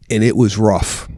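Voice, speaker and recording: A man's voice: on the low side, mellow, no echo, clean studio sound. A middle-aged man co-hosting a podcast, chatting casually in a wry, incredulous way and swearing now and then. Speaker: podcast co-host. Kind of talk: casual chat.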